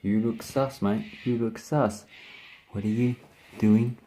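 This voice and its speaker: A man's voice: mid-range voice, steady tone, takes it slowly, dark tone, close to an everyday voice. A man doing a blunt Australian cop. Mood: accusing. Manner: blunt, repetitive questioning. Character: suspicious male police officer sizing someone up.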